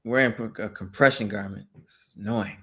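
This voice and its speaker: A man with a lowish voice co-hosts a film podcast. He speaks slowly, pausing on fillers as he gathers his thoughts. His tone stays plain and easygoing. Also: fairly even intonation, a bit bright. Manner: hesitant, unhurried, many fillers. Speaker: podcast co-host. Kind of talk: casual chat.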